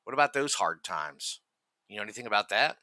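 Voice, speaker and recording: Brief: angry commentary host, profane, mocking, very bright and sharp tone, dry close mic. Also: male voice, lowish voice, animated, brisk, dry recording. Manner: profane, furious, mocking ranting.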